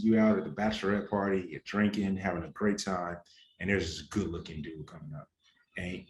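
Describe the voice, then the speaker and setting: A man's voice: fairly low pitch, a little hiss or hum. A young adult man answering interview questions in an earnest, heated, casual way full of slang. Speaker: interview guest. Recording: roomy echo, faint ambience.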